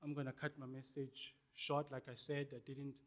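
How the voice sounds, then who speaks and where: A male pastor, preaching a sermon and calling out to the congregation for responses, with swings between loud and hushed lines. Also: mid-range voice, completely flat delivery, moderate pace.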